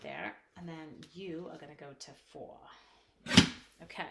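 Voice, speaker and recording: A woman from Canada leading a live card-making demo, chatting playfully with viewers and thinking out loud as she works. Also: low-pitched, fairly even intonation, a little slow, very noisy. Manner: chatty, playful, reads chat comments aloud, thinks out loud. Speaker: crafting demonstrator. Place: home craft space at a lake cottage at night.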